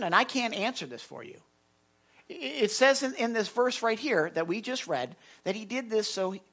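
A pastor preaching a sermon, emphatic, often urging the listeners to listen and reading scripture aloud. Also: husky. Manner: rises and falls sharply in pitch and loudness.

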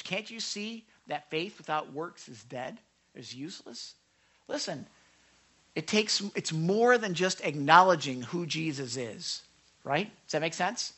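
A man delivering a lively sermon to a youth group, his voice bright and fairly high for a man. He talks into a microphone, stresses key points, and keeps asking his listeners whether they follow. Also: measured pace. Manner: lively, emphatic, checks in with listeners. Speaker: pastor teaching a youth group. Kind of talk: animated sermon.

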